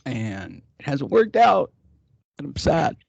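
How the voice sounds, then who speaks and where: A man's voice: fairly high pitch, huge pitch swings, slow pace, vocal fry, slightly rough, no room sound, dull audio. A man hosting a boxing podcast from a studio desk, ranting loosely with crude, profane jokes. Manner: loose, profane, joking rants. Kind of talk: casual crude podcast banter.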